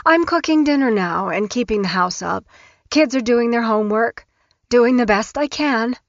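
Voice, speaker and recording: A woman's voice: fairly high pitch, lively intonation, moderate pace, no echo, pitched above the performer's own voice. A woman voicing a brassy, devoted female friend who speaks in a reassuring, matter-of-fact way, in an audiobook. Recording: dull, dry studio recording.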